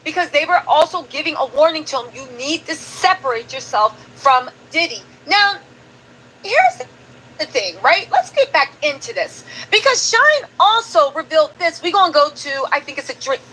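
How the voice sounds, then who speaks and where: A woman's voice: sits high, big pitch swings, normal speed, pushed and bright, a little hiss or hum, rough recording. A woman hosting a live stream, chatting casually and animatedly to her viewers about news clips. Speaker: commentary host.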